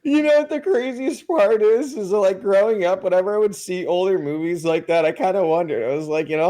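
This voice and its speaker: Slangy, joking man with a higher voice. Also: fairly quick, few pauses, mellow. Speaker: podcast co-host. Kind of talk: casual movie review chat.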